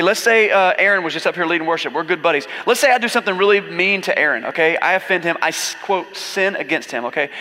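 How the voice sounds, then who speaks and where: A man's voice: on the high side, bright, forceful tone, big-room sound. A man preaching a sermon as a pastor, in a casual, joking storytelling manner with acted asides.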